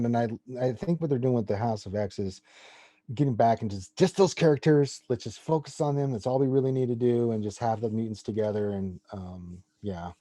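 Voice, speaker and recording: Man in his forties, podcast guest, mellow tone, dry sound, rambling and enthusiastic. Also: medium pitch, dry recording. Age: 40s. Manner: enthusiastic comic-book fan, rambling. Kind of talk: casual chat.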